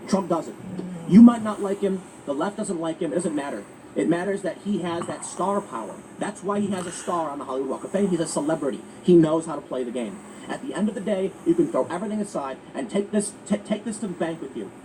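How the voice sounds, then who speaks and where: A man hosting political commentary, talking in an emphatic, animated way with frequent restarts. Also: on the high side, fast talker. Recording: distant mic with faint ambient noise.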